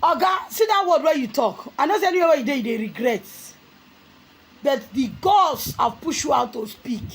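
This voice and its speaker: Nigerian woman, vlog commentator, fiery, scolding, high voice, lively swooping delivery. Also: moderate pace, slight background noise, low-quality recording. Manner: fiery, scolding, often shouting. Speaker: commentary vlogger. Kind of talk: impassioned political commentary.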